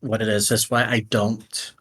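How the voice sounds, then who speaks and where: A man's voice: lowish voice, little pitch movement, moderate pace, fairly bright tone. A man acting as dungeon master, patiently explaining rules and reassuring his players. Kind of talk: running a tabletop game.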